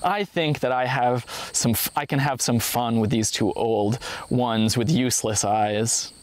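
A sly, amused trickster spirit plotting fun at others' expense, as a male narrator puts him on. The voice stays close to an ordinary middle-pitched man's telling voice. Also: a little slow, natural voice.

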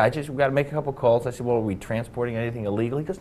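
A man telling an anecdote as a game show contestant, animated and acting out the dialogue. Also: medium pitch, racing, slight background noise. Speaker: celebrity contestant.

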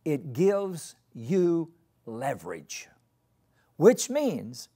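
A male pastor preaching a sermon, deliberately repeating key phrases for emphasis and leading the congregation to repeat after him. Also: mid-range voice, very animated, dark tone, slightly rough. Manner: leads the congregation in call-and-response.

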